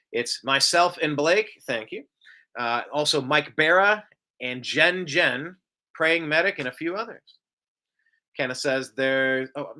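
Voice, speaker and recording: A man with a mid-range, sharp-toned voice hosts a casual live show, reading viewer comments and wandering off into long tangents. He rambles freely and even calls himself a bloviator.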